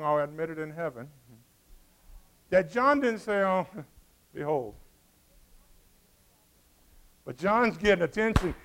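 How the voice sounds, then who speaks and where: High-voiced preacher shouting "behold". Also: male voice, poor audio. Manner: dramatic emphatic preaching with shouted exclamations; soft low murmured prayer. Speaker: pastor. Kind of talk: sermon.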